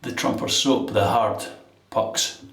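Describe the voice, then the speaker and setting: In an echoey bathroom, a man from England with a London accent shaves and chats, rambling through an anecdote with the odd laugh while the tap runs and water splashes. His low-leaning voice has vocal fry, fairly even intonation, and a slow pace. He's recorded off-mic from a distance against a noisy background.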